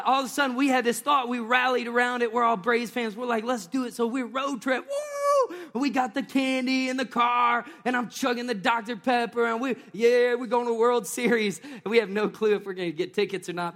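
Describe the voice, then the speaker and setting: A man preaching a sermon, telling a story with animated energy and acting out the people in it with playful voices. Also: high voice. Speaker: pastor. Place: large church hall. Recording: long hall reverb.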